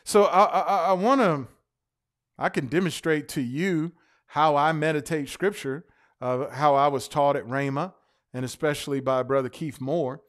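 A man preaching a sermon to his congregation, stretching key words for emphasis, spelling them out letter by letter and calling out to the church. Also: on the high side. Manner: emphatic, drawn-out stresses on single words; calls out to the congregation.

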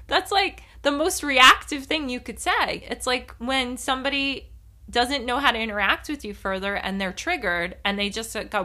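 A woman hosting a solo podcast, talking in an animated, rambling way with frequent giggles. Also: on the high side, brisk. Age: adult. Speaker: podcast host.

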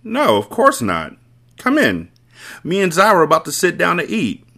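A man reading a novel aloud, voicing an anxious young wife with a raised, pleading pitch. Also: huge pitch swings, normal speed, creaky, bright, forceful tone, heavily acted. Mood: welcoming.

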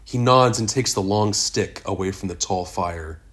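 A man reads a first-person story aloud as an audiobook narrator, his voice sitting very low. His delivery is slow and measured, with an even, steady pace.

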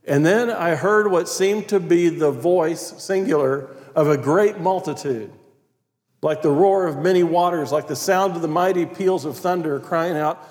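Preaching man with a fairly high voice in a reverberant hall. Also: measured pace. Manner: emphatic preaching, reading scripture aloud, dropping to quiet prayer. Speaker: pastor. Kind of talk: sermon. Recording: long reverb of a large hall.

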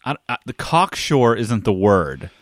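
A man's voice: on the low side, sing-song, unhurried, dry recording, clean studio sound. A man co-hosting a podcast, chatting casually and joking about the episode. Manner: joking, laughs easily. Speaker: podcast co-host. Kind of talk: casual chat.

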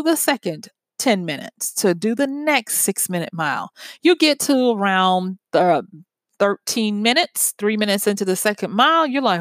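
A woman giving a motivational talk in a steady, mid-pitched voice. She speaks earnestly and conversationally, working through everyday examples. The sound is dry and close, with no room echo. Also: moderate pace.

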